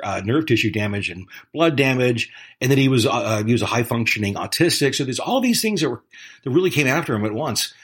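A man's voice: mid-range voice, fairly bright tone, slightly rough. A man hosting a podcast, rambling and effusive, his voice worn out after several interviews that day. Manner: rambling, effusive, laughs often. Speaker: podcast host. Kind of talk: casual interview chat.

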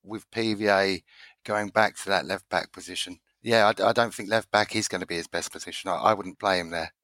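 A man's voice: sits low, steady tone, a little fast, sharp tone, dry recording. A British man and teacher, a guest on a football podcast, joking and wry in casual chat.

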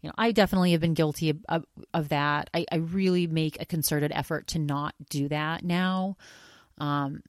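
Rambling, animated woman podcast host. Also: sits low, moderate pace, no room sound, clean studio sound. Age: older than college age. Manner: rambling, animated, many restarts. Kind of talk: casual podcast monologue.

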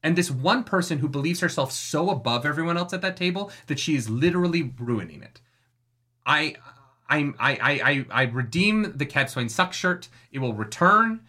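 Animated and bright, this podcast co-host speaks at a moderate pace in a mid-range, forceful voice. During a relaxed book chat, the rants are impassioned and heavily profane, with quoted characters performed aloud.

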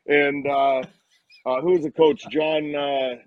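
A man in his fifties, a retired hockey player, telling lively anecdotes as a guest and acting out the lines people said. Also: on the high side, slow, no room sound, highs cut off. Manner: animated anecdotes, acts out quoted lines. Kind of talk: casual storytelling on a live show.

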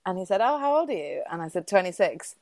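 A woman's voice: on the low side, big pitch swings, fast, darkish tone, no echo. A woman in her thirties telling a funny story in a casual chat, laughing often and acting out the people she quotes. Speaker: guest.

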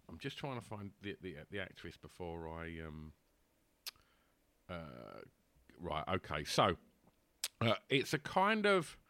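A man's voice: deep voice, very animated, slow, pauses often, bright, forceful tone. A man, co-hosting a film podcast, hesitant and searching for words. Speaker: podcast co-host. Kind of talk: casual chat about films.

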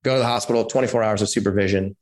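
A man in his forties from California, telling his personal story as a podcast guest in an animated way, acting out quotes and using lots of fillers. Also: fairly low pitch, racing. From California, USA. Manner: animated storyteller who acts out quotes, many "like" and "you know" fillers.

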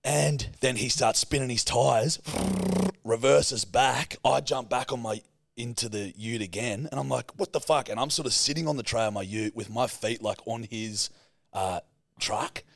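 A man's voice: medium pitch, normal speed, gravelly, fairly bright tone, no room sound. A man with an Australian accent, a podcast co-host telling a crude, swearing story in casual chat on a close mic.

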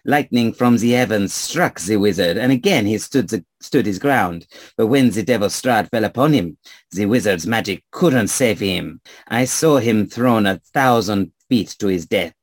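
A man's voice: fairly low pitch, lively intonation, moderate pace, dry recording. A man voicing a teasing, evasive Vistani man with a put-on French accent. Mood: sly. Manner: teasing, playful.

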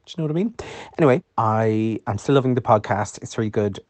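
A man's voice: fairly low pitch, lively intonation, fast, no room sound. An Irish man leaving a chatty, sweary voice message in mock outrage. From Ireland.

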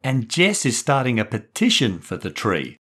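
A man doing a high, tearful little boy. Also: sing-song, unhurried. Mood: eager. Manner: high, pleading, wailing. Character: young boy, tearful and stubborn.

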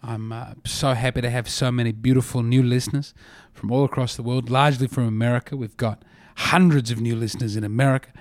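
A man's voice: medium pitch, fairly even intonation, fast talker, hardly any pauses, no echo. An Australian man hosting a comedy podcast, telling meandering stories in a dry, self-mocking way. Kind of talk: rambling comedic podcast monologue.

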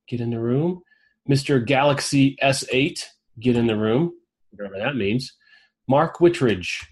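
Upbeat male host, video call, energetic and chatty. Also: mid-range voice, husky. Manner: energetic, upbeat, calls on people by name. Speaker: host of an online roundtable. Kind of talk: casual group video call chat.

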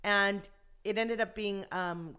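A woman, an actress and voice actor, chatting as an interview guest and telling animated stories. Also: medium pitch, takes it slowly, clean tone. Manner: animated storyteller, acts out quotes. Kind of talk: casual interview chat.

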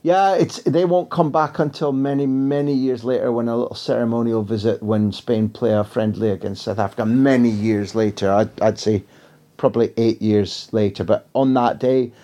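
A man's voice: medium pitch, fairly even intonation, normal speed, warm tone. A man telling anecdotes as a guest in a casual interview, in a rambling, wry way.

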